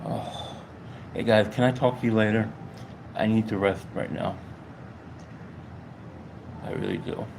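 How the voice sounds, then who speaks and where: A man vlogging to his subscribers in a rambling, halting way, out of breath and repeating himself. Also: fairly low pitch, creaky, a little mellow, a little hiss or hum, rough recording. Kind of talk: casual heartfelt monologue to viewers.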